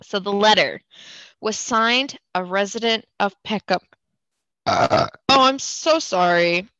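A woman's voice: medium pitch, slow, a bit bright, no room sound, highs cut off. A tipsy woman hosting a podcast, reading a story aloud with giggling asides and apologies. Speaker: podcast host. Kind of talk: casual storytelling chat.

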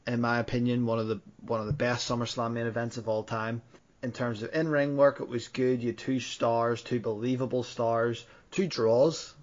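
A man co-hosting a casual podcast, reviewing in a steady, measured way. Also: mid-range voice, muffled recording. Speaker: podcast co-host.

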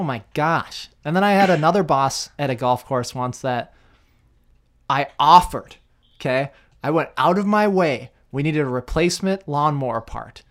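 A young man co-hosting a podcast, telling a story with lots of laughter. He acts out the people in it. His voice sits a little high for a man. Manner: animated, laughing storyteller who acts out quotes. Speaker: podcast co-host. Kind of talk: casual storytelling chat.

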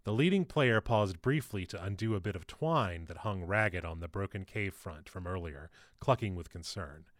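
A man narrates his own novel in a steady, measured way. His voice is low, and the recording is close and dry. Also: dry recording. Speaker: author reading his novel. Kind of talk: audiobook narration.

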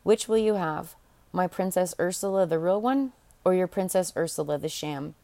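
A brisk, sharp-tongued fairy godmother scolds a royal court in a storybook reading, as a woman narrator puts her on. The voice sits a little low and close. The sound is dry, with no room around it. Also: creaky, no room sound. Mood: challenging.

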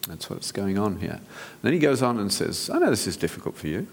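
A man's voice: lowish voice, sing-song, a little fast, gravelly, breathy edge, long reverb tail. A man, a physician, giving an earnest, direct sermon-style talk to an audience, often restarting his sentences. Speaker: physician speaker.

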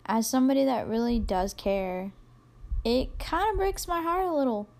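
A woman's voice: a little high, animated, moderate pace, gravelly, a little mellow. A young adult woman hosting a solo podcast, rambling casually and self-deprecatingly with plenty of fillers. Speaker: podcast host.

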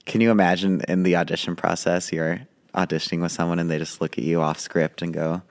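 Podcast co-host, woman, twenties, teasing banter, unusually low voice. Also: little pitch movement, fairly quick. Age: 20s. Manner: playful, teasing, breaks into song. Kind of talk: casual chat.

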